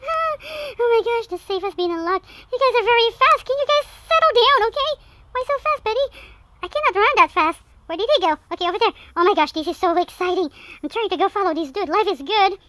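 A woman giving excited let's-play commentary on a game, with frequent gasps and shrieks. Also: very high voice, fast talker. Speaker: gameplay commentator.

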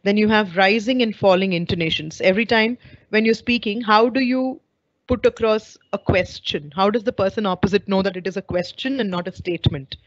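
A woman teacher trainer giving an online webinar lecture, explaining clearly and putting questions to her audience over a video call. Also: mid-range voice, fairly quick, dry recording. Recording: dull lo-fi online call audio.

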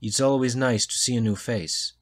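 A man voicing a tall, thin, gentle French woman with a French accent who speaks in a flattering way. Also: mid-range voice, normal speed, pitched above the performer's own voice, close to an everyday voice.

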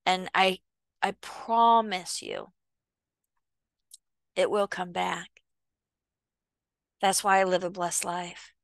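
Female self-help speaker, unhurried, sincere, dry close sound, middle pitch. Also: no room sound. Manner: earnest, slow and deliberate, acts out little dialogues. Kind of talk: reflective motivational monologue.

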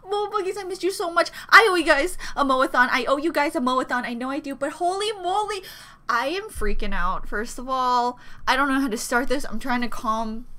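High-pitched woman freaking out over kpop pics, rambly and giddy, lots of squeals. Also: bright, forceful tone. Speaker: K-pop reaction vlogger. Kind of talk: excited fan reaction chat.

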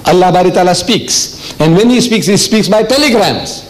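A man's voice: sits high, lively intonation, moderate pace, low-quality recording. Older preacher man, emphatic lecture delivery. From South Africa. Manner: emphatic, repetitive preaching with rhetorical questions. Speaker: religious lecturer. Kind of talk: public lecture. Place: lecture hall.

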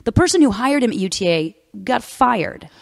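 A woman's voice: fairly high pitch, normal speed, creaky, no echo, clean studio sound. A woman guest telling a long story in casual chat, acting out the people in it. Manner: animated, acts out the people in her story.

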